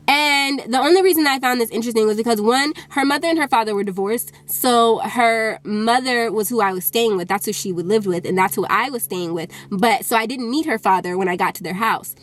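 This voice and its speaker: Animated young woman telling a story. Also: on the high side, fast, hardly any pauses. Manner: casual and animated, many fillers. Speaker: YouTuber. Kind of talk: storytime vlog.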